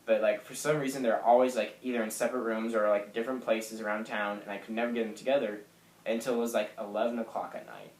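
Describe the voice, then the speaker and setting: A young man in his late teens telling a personal story to camera, soft and halting with lots of fillers. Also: on the low side, fairly even intonation. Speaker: vlogger. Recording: echoey room.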